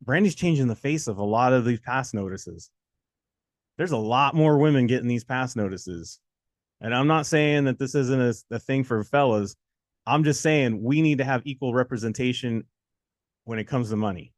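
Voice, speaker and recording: Male co-host, casual pep talk, mid-pitched, dry close sound, lively storyteller who repeats for emphasis. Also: moderate pace, no echo. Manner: animated storytelling, acts out quotes, repeats for emphasis. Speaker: co-host of a test-prep show.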